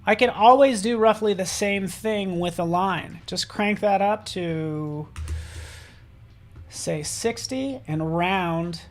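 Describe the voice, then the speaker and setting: A man giving a live software tutorial, upbeat and chatty, often checking in with "right?" as he works on a drawing. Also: high voice, slow. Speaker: design instructor.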